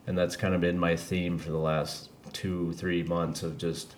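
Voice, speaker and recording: A man's voice: sits low, flat delivery, a little slow, slight background noise. A man hosting a podcast, chatting casually and rambling candidly, swearing freely as he talks. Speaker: podcast host. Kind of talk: casual chat.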